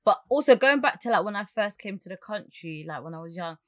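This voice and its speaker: A woman's voice: mid-range voice, lively intonation, no room sound. Frank woman, dry close sound. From Somalia. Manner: frank, proud, quick back-and-forth. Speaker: podcast guest. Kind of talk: casual chat.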